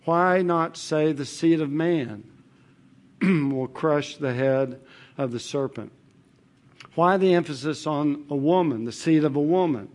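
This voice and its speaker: A man preaching an expository Bible sermon in a measured, emphatic way, with rhetorical questions and repetition. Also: on the high side, darkish tone.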